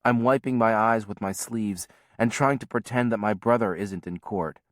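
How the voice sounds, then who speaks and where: A man reading a novel aloud as first-person audiobook narration, in a measured, quiet storytelling manner. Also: lowish voice, dry recording, clean studio sound.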